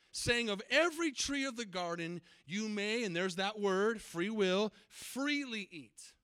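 A man's voice: high-pitched, bright, forceful tone, no room sound. A man preaching a sermon as pastor, emphatic and often asking his congregation questions.

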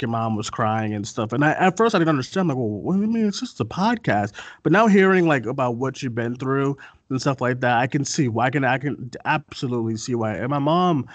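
A young man chats loosely as a podcast host, circling back on his words with plenty of fillers and restarts. His voice sits at an ordinary middle pitch. The sound is dry and close, with no room in it. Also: no echo, highs cut off. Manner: rambling, frequent fillers and restarts. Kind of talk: casual interview chat.

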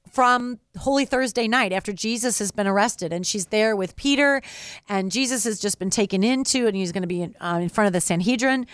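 A woman, a regular contributor, giving an expressive, reflective devotional talk on radio. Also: on the high side, clear, resonant tone, dry recording, clean studio sound.

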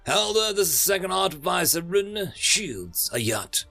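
A man's voice: sits high, sing-song, a little slow, vocal fry, sharp tone, faint music behind, voice pushed up, heavily acted. A man doing a boisterous marine squadmate.

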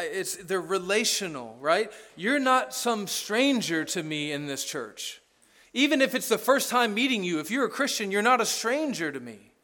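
A man's voice: sits high, fairly bright tone. A middle-aged man preaching a sermon in a casual, joking way, often checking in with "right?". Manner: conversational, sarcastic humor, asks "right?" often. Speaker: pastor.

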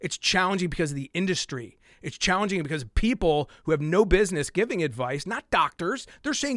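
Male podcast host, high voice, dry close sound, exasperated worked-up rant. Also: lively intonation, fairly quick, hardly any pauses, fairly bright tone, no room sound. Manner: exasperated, worked up, with sighs and muttered asides. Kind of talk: heated solo podcast rant.

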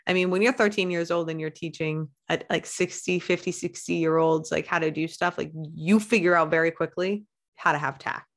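A woman's voice: on the low side, steady tone, brisk. A woman, a life coach, talking candidly as a podcast guest, blunt and swearing, with bursts of feeling. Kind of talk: candid interview talk.

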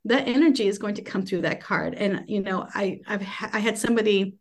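A woman's voice: mid-range voice, brisk, darkish tone. Firm, emphatic woman guest. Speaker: deck creator, guest. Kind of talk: casual chat.

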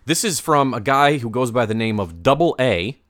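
A middle-aged man co-hosting a casual podcast, his pitch swinging widely as he tells meandering anecdotes. He restarts his sentences often and talks in an easy, chatty way. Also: animated, normal speed, a bit bright. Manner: storytelling, rambling with restarts. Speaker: podcast co-host. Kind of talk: casual chat.

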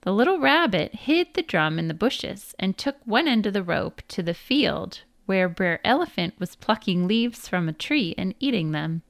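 Lively woman reading a storybook aloud. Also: medium pitch, normal speed, gravelly, hardly any pauses. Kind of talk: storybook read-aloud narration.

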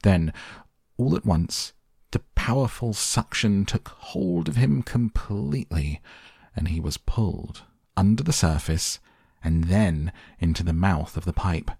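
Low husky storybook narrator. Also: male voice, no room sound, clean studio sound. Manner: measured, expressive storytelling. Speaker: audiobook narrator.

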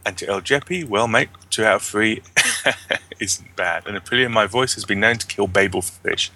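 A man's voice: lowish voice, moderate pace, bright, forceful tone, slight background noise. A man co-hosting a casual gaming podcast, reading listener emails aloud and breaking off with jokey asides. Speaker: podcast co-host.

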